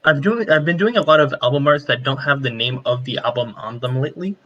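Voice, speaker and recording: A man co-hosting a podcast, talking haltingly about making his own music. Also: medium pitch, lo-fi sound, a crowd in the background. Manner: hesitant, searching for words. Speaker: musician and co-host. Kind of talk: casual podcast chat.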